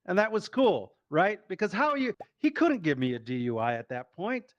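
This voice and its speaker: A man tells a stand-up story with a voice that sits a little on the high side. He is animated and profane, and he slips into the voices of the people he quotes. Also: normal speed, no echo, lo-fi sound. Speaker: stand-up comedian. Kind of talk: stand-up storytelling in a VR comedy show.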